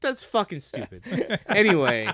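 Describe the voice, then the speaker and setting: A man's voice: fairly high pitch, wildly swooping pitch, moderate pace, fairly bright tone. Swearing young man ranting. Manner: heated, swearing constantly, laughing. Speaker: podcast co-host. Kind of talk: casual profane rant.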